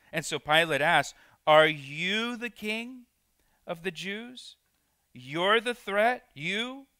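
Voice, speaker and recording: A pastor preaches an expository, verse-by-verse sermon in a church sanctuary, sometimes acting out quoted lines and repeating words as he restarts. His fairly high voice is pushed, bright, and smooth. The recording is dry.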